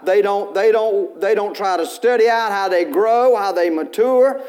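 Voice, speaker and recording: A male pastor, preaching a sermon in church in a folksy storytelling way, with bursts of loud preaching. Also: high voice, a little slow, hardly any pauses.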